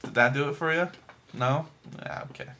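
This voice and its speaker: A man's voice: fairly high pitch, normal speed, bright, forceful tone. A man casually reviewing a movie, rambling with lots of fillers and restarts and making self-deprecating jokes. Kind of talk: casual chat.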